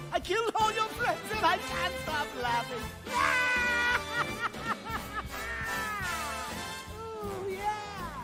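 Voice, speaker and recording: A man performs a manic, gloating clown villain who sings and cackles, his voice swooping wildly up and down. He sings slowly and with a gravelly edge. The song sits under a loud backing track. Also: very high voice, full character voice.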